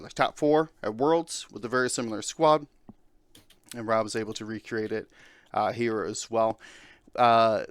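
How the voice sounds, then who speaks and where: A man's voice: on the low side, clear, resonant tone, no room sound. A man hosting a casual podcast, talking through game lists with many fillers. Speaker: podcast host.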